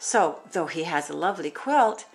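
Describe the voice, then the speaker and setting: A woman reading a rhyming picture book aloud in a sing-song, animated way, adding exclaimed asides between verses. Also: low-pitched, normal speed, gravelly. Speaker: storybook reader.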